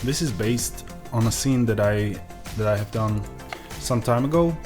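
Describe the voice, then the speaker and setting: A man's voice: fairly low pitch, a little slow, darkish tone, faint music behind. Eastern European man, hesitant tutorial voice. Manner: hesitant, frequent uh and um fillers. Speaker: software tutorial creator. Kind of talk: screen-recorded tutorial commentary.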